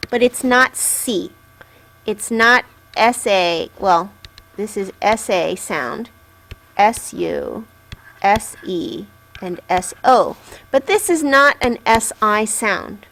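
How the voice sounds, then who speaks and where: A woman's voice: mid-range voice, expressive, slow pace, a bit bright. A woman teaching Japanese syllables in a patient lesson, carefully sounding each one out and checking in with the learner. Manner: patient, clearly enunciating syllables. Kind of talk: slow, patient language lesson.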